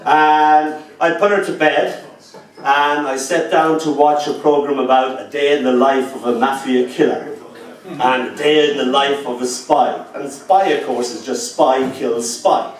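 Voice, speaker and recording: Wry poet in an echoey room. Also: male voice, mid-range voice, steady tone, unhurried. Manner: wry, dry humour between rhythmic recited verse. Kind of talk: live poetry reading with chatty asides. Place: live reading venue indoors. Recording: echoey room, distant mic, faint noise.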